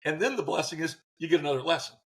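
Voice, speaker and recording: A man in his sixties, a former baseball manager, telling lively stories as an interview guest and acting out what people said. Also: on the high side, rapid-fire. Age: 60s. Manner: animated, acts out quotes in voices. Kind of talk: storytelling in a faith interview.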